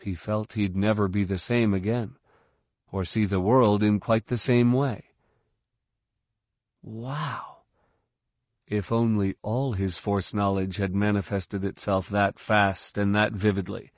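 An audiobook narrator, a man with a fairly low voice, reads a novel from a script in a measured, steady manner. The recording is dry and studio quality.

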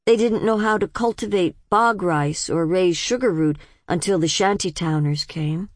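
A woman's voice: on the high side, big pitch swings, moderate pace, dry recording, clean studio sound, voice pushed up. A woman voicing a curious, defiant young woman of twenty who keeps asking pointed questions. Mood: probing.

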